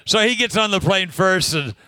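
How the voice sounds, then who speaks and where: A man's voice: high-pitched, animated, normal speed, bright, forceful tone, clear, resonant tone, no room sound. A man preaching a sermon, telling a personal story in a conversational way, laughing often and asking the congregation questions.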